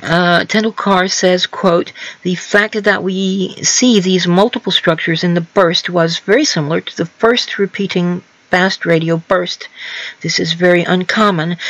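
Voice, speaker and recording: A woman's voice: on the low side, fairly bright tone, no echo, rough recording. A woman hosting a casual livestream news show, reading articles aloud and chatting with guests, laughing often. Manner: reads quotes aloud, laughs often, frequent ums.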